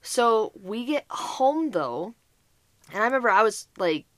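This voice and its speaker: A woman co-hosting a podcast, telling a chaotic holiday story in casual, animated chat, swearing and laughing as she goes. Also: on the high side, measured pace, no echo. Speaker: podcast co-host.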